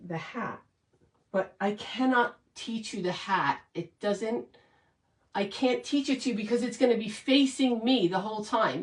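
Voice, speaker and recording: A woman's voice: mid-range voice, echoey room, recorded from a distance, poor audio. A woman hosting a casual craft livestream, chatting and thanking viewers in an emotional, rambling way with many restarts.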